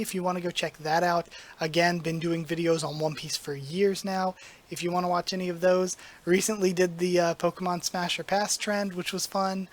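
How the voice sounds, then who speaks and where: Casual reviewer voice, slightly hoarse, rambling and chatty, mid pitch. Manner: rambling, conversational, frequent "like" and "um". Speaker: YouTube channel host reviewing manga chapters.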